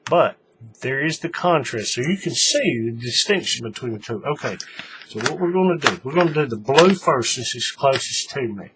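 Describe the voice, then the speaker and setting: A man's voice: medium pitch, animated, normal speed, noisy background. A man giving a casual, folksy hands-on craft tutorial, talking while he works. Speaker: paracord tutorial maker.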